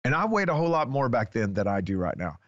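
Man, animated storyteller, mid-pitched voice, dry muffled sound. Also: fast, no echo. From Texas. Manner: excitable storyteller, acts out dialogue. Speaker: guest author. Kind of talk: animated personal testimony.

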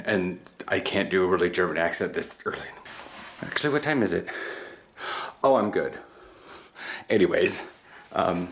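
Low-voiced man chatting in a vlog. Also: unhurried, long pauses. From US Pacific Northwest. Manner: chatty, profane, laughs often. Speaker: vlogger. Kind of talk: casual vlog chat.

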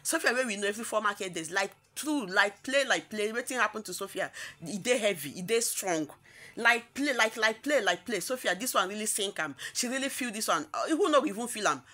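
Animated Nigerian woman gossiping. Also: mid-range voice, brisk. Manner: emphatic and repetitive, often laughing. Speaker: celebrity gossip vlogger. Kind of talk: casual gossip commentary.

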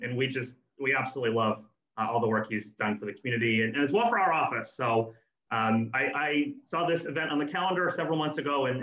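Fast, bright-voiced man moderating a panel. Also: mid-range voice, roomy sound, dull audio. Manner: halting, many fillers and restarts.

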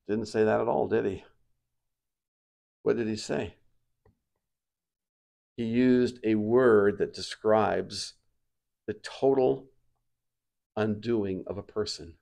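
A male pastor preaching a sermon, swinging between quiet reflective passages and loud, emphatic declarations. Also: fairly low pitch, takes it slowly, vocal fry, long pauses. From United States.

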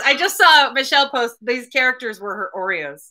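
A woman's voice: high-pitched, expressive, normal speed, pushed and bright. A woman hosting a read-aloud, chatting casually with a laugh between passages. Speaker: host reading aloud. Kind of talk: casual chat between readings.

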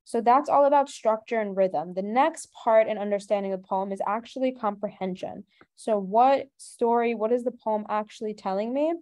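A woman tutor gives a brisk webinar lesson in a mellow, darker voice. She explains step by step and keeps asking rhetorical questions to guide her students. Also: fairly high pitch. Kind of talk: online webinar teaching.

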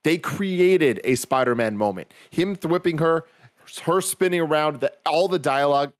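A man's voice: a little high, normal speed, no room sound, studio quality. A man co-hosting a podcast who talks enthusiastically about a film and makes his point at length. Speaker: podcast co-host. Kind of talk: casual movie discussion.

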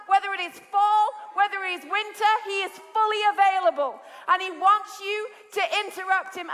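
A British woman preaching a sermon, telling stories with lively energy and rising to shouts. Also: extremely high pitch. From Britain. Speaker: pastor. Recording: large hall with long reverb.

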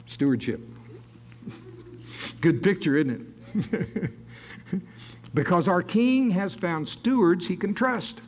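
Earnest pastor praying aloud. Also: male voice, high voice, animated, takes it slowly, long pauses, a little mellow. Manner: earnest, chuckles between phrases, rises into fervent declarations. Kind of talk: sermon with spoken prayer.

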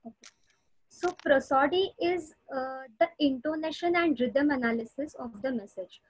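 A woman's voice: sits high, moderate pace, dry recording, poor audio. A woman explaining a topic in a webinar over a video call, with frequent "uh" hesitations. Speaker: audiologist speaker.

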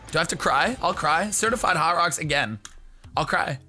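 A young man hosts a hyped gaming commentary, his bright voice leaping up and down as he jokes and bursts into shouts. He talks fast and loose, with faint music under him. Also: fairly high pitch. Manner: excitable, jokey, bursts into shouts. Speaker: gaming video host.

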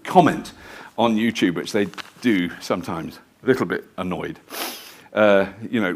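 A man's voice: fairly low pitch, animated, moderate pace, breathy edge. A man giving a live lecture to an audience in a museum lecture theatre, telling stories in a chatty, rambling, self-deprecating way. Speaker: guest lecturer.

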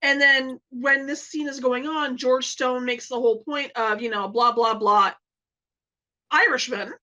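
A woman's voice: high voice, fairly even intonation, measured pace, bright, forceful tone, rough recording. A tipsy woman co-hosting a podcast, blunt and profane, explaining movie scenes at length in casual chat. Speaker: podcast co-host.

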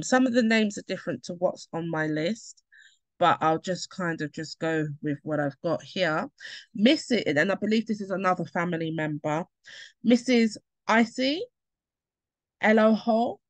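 A woman's voice: lowish voice, no room sound. A woman hosting an online book launch, upbeat and encouraging as she introduces speakers. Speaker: event host.

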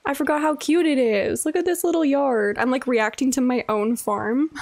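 A woman's voice: sits high, moderate pace, darkish tone. A young woman streaming a game live, gushing and greeting her viewers one by one.

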